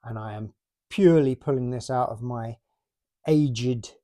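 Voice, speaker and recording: A mellow, medium-pitched male voice at a measured pace. He's a British man in his late forties, chatting casually and rambling about his toy collection in a chatty, self-mocking way.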